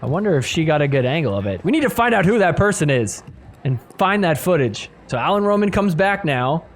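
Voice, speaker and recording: A man's voice: on the high side, brisk, faint music behind. A man hosting a podcast, recapping match clips and acting out the players' reactions. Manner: animated, acts out players' reactions. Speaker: podcast host.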